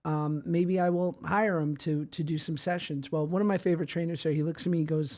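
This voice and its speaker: A man's voice: fairly high pitch, fairly even intonation, darkish tone. A man co-hosting a casual comedy podcast, telling a playful story about a gym trainer. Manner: storytelling, playful, quick to laugh. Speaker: podcast co-host.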